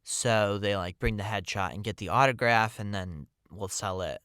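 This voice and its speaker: Male podcast storyteller, chatty and meandering, crisp bright tone, close dry sound. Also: on the low side, normal speed, no room sound. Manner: rambling, full of "like" and "um". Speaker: podcast host telling a personal story. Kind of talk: casual storytelling monologue.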